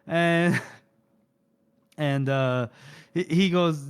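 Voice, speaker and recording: A man co-hosting a casual book podcast, retelling scenes and acting out characters' lines in quick quoted voices. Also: a little high, smooth. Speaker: podcast co-host.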